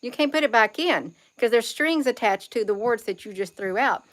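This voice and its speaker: A woman's voice: fairly high pitch, lively intonation, normal speed, fairly bright tone. Rambling woman talking to viewers. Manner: rambling, repeats phrases, addresses viewers as "you all". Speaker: vlogger. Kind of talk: casual spiritual monologue.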